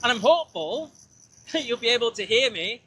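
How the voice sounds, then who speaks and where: A man's voice: very high voice, animated, moderate pace, bright, forceful tone, husky. A man chatting casually and rambling as he rides a scooter outdoors, talking into a small mic with a fluffy windshield. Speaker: podcast host. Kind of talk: casual vlog narration while riding. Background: road ambience.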